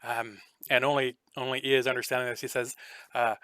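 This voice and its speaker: A man's voice: medium pitch, little pitch movement, brisk, a bit bright, no room sound. A man narrating a tabletop game as game master, hesitant with lots of fillers.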